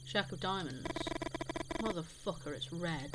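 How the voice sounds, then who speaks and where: A woman's voice: lowish voice, animated, moderate pace, heavy background noise. A woman streaming a narrative game live, reading its text aloud and breaking off into casual, sweary asides. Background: loud game music.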